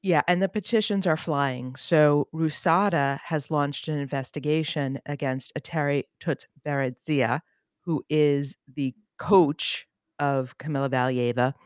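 A woman's voice: low voice, fairly even intonation, measured pace, dry recording, clean studio sound. Sarcastic woman co-host. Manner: sarcastic, opinionated commentary. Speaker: podcast co-host. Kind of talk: casual chat about Olympic news.

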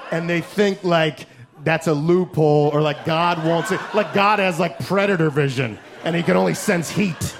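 A man doing a stand-up set, brash and profane, shouting his punchlines on a handheld stage mic. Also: on the high side, normal speed. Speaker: stand-up comedian. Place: comedy club stage. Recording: crowd laughter, noisy club. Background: laughing crowd.

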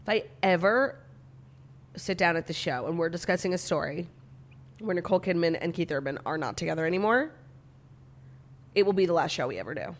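A woman's voice: lowish voice, lively intonation, fairly quick, long pauses, a little hiss or hum. A young adult woman co-hosting a podcast in casual chat, making wry, dry quips. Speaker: podcast co-host.

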